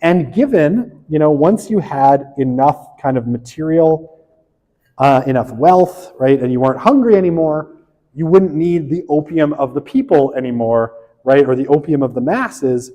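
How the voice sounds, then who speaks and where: A man's voice: fairly high pitch, animated, moderate pace, mellow, in a large hall, low-quality recording. A man giving a casual university sociology lecture, chatty and self-deprecating, often checking in with "right?". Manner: chatty, frequent "right?" tag questions, self-deprecating asides.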